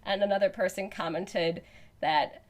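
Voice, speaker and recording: A woman's voice: mid-range voice, steady tone, moderate pace. A woman co-hosting a podcast in casual chat, chatty and filler-heavy, laughing often. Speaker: podcast co-host.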